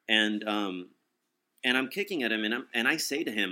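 Animated young man telling a story. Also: lowish voice, moderate pace. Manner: animated, acts out quotes, swears freely. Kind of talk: casual spoken storytelling.

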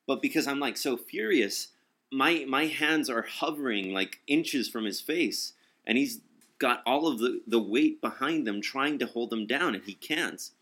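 A young man in casual talk, telling a story. He is animated, acts out quotes and swears freely. His voice sounds bright and tense. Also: medium pitch, measured pace.

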